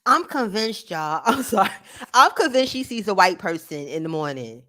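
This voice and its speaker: A woman giving casual, slangy reaction commentary in an expressive, mocking way. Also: lowish voice, moderate pace.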